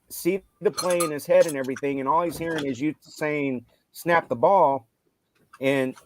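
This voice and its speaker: A middle-aged man, a football coach, casually retelling stories from his games, getting loud and animated when he quotes himself. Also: on the high side, no echo. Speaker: high school football coach. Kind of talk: casual storytelling on a live show.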